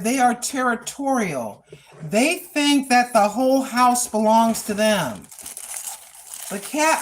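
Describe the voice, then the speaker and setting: Older woman, casual vlog chat, rambling and repetitive, lilting voice, unhurried, slightly high. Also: slight background noise. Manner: chatty, repeats herself, laughs at her own asides. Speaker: cooking and lifestyle vlogger.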